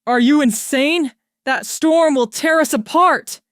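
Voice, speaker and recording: A woman voicing a cocky male starship pilot who shouts and swaggers under strain. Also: medium pitch, fairly even intonation, takes it slowly, clean tone, no echo, clean studio sound. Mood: shouting.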